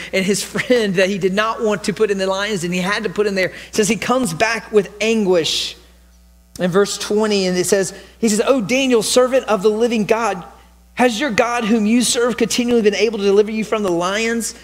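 A man with a high voice preaches a sermon in a church. He tells the story with animated storytelling and acts out the quoted lines himself. Long reverb from the hall trails behind his voice. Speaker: pastor. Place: church sanctuary.

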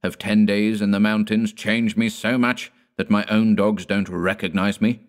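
A sinister old patriarch back from the mountains, voiced by a male narrator, speaks in a hollow, cold, menacing tone. His voice is very deep. It suits a dark gothic storybook. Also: level tone, moderate pace, natural voice. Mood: indignant. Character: sinister old man returned, stern and hostile.

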